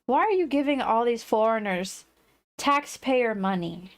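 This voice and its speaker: A woman livestreaming casual chat, rambling and quick to laugh. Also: fairly high pitch, animated. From United States.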